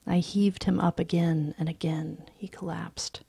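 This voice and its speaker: A woman reading a story aloud in a hushed, breathy, soft-spoken voice. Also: lowish voice, steady tone, measured pace, few pauses, no echo. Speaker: story reader.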